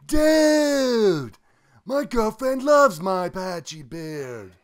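A man's voice: sits high, big pitch swings, very slow, voice pushed up, exaggerated voice. A man voicing a mocking young bro who heckles with slangy jabs. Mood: boastful.

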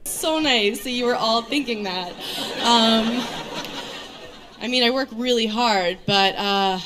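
A woman in her thirties from New York doing a stand-up set on stage, with a deadpan, self-mocking delivery full of fillers. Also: fairly high pitch, takes it slowly. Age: 30s. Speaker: stand-up comedian. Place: comedy stage before a live audience. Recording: live show with crowd laughter. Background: audience laughter.

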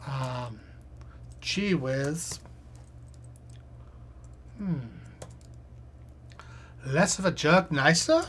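A woman's voice: sits low, animated, extremely slow, long pauses, fairly bright tone, a little hiss or hum. A woman live streaming, reading crossword clues aloud and muttering her guesses as she thinks.

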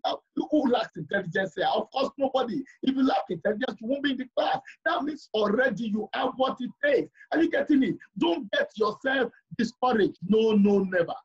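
A man's voice: very high voice, expressive, a little fast, hardly any pauses, slightly rough, lo-fi sound. A man teaching a live class, emphatic, repeating his points and often asking the learners if they follow. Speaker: lecturer.

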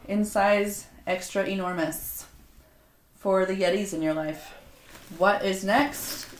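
A woman unboxing a gift box at home, chatting casually with sarcastic, self-mocking banter. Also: fairly low pitch. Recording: roomy echo, faint noise.

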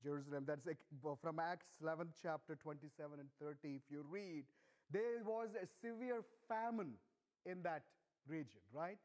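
A middle-aged man preaching a sermon in church, earnest and emphatic, speaking slowly and deliberately. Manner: earnest, emphatic, stresses key words with rising pitch.

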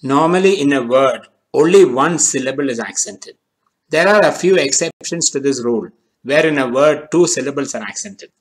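Guy reading out a language lesson, calm and deliberate, slows down on the key words. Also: medium pitch, rough recording. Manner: measured, deliberate delivery, slowing on key terms. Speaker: language teacher. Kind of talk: scripted narration of a lesson.

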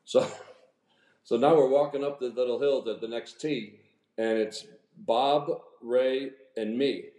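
A man in his sixties, a former pro golfer, telling rambling, animated anecdotes as a podcast guest. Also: medium pitch, slow. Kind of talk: casual storytelling interview. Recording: echoey room.

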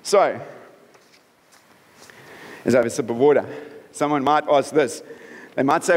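A man's voice: medium pitch, normal speed, pauses often. A man preaching a sermon as pastor in a conversational way, often checking in with the congregation. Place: church hall. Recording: reverberant church hall.

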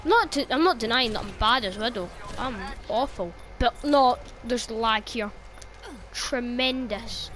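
A woman's voice: fairly high pitch, a little slow, fairly bright tone, slight background noise. A young woman commentating her own gameplay, exclaiming and swearing at the game and grumbling about lag. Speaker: gaming video creator.

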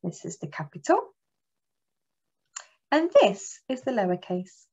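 A woman teaching phonics to young children, lively and encouraging, sounding out letters slowly. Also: medium pitch, lo-fi sound, slight background noise. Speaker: early years teacher. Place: classroom or home table.

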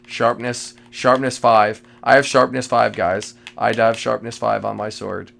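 A man giving live commentary while playing a multiplayer game, jittery and excitable, repeating phrases and breaking into sudden loud outbursts. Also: on the low side, measured pace, gravelly. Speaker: gamer playing a multiplayer survival match.

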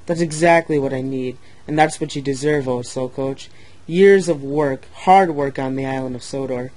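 A man's voice: mid-range voice, moderate pace, darkish tone, lightly acted, poor audio. A man as a kind, reassuring old engine. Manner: reassuring, rambling. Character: kind older male steam engine.

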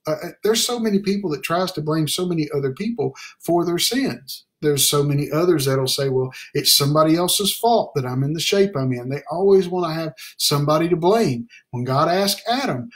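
A middle-aged man, a pastor, preaching an earnest, plain-spoken Bible study sermon, slowing down to stress key phrases. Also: on the high side. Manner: restarts and fillers, plain spoken.

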